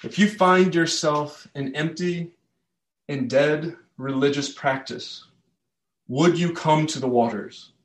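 Man, preacher, sermon, slow earnest storytelling, a bit high, echoey church.

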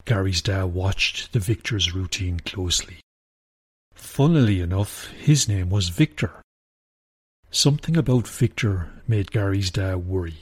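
A man with a low, husky voice reads a storybook tale in an even, gentle way. The sound is dry and close to the mic. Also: a little slow, no room sound. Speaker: narrator. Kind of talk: scripted storybook narration.

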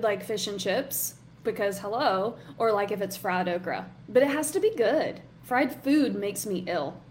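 A woman's voice: medium pitch, darkish tone, a little hiss or hum. A woman hosting a live online workshop as a coach, chatty and encouraging, reading out comments from the chat. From Southern US.

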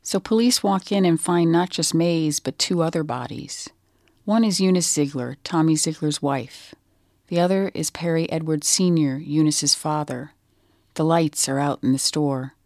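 A narrator telling a crime story in measured, scripted documentary style. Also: medium pitch, dry recording, clean studio sound.

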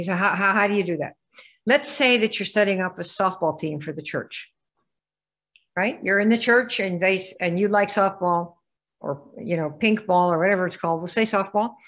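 A woman's voice: medium pitch, a bit bright. Rhetorical woman quizzing her audience. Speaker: business trainer. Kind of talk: live training presentation.

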